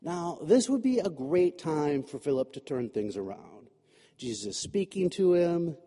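A man with a high, mellow voice preaches in a relaxed, joking, conversational way. He fills his talk with "you know" and asides. His voice rings with a long echo, as from a church hall. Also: measured pace. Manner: chatty and humorous, many fillers like "you know". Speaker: pastor. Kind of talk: conversational sermon. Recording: echoey hall.

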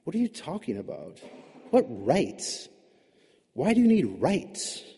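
A man's voice: a little high, wildly swooping pitch, slow, long reverb tail, slight background noise, voice pushed up, exaggerated voice. A man as a mild, bewildered God. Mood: gentle. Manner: soft, rambling, conciliatory. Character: mild, puzzled, gentle male God.

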